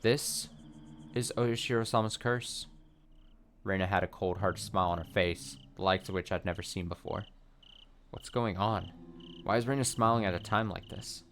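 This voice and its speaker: Deep-voiced man reading a game aloud. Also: a little fast, a little hiss or hum. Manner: steady reading with brief wry asides. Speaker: let's play host. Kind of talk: reading a visual novel aloud.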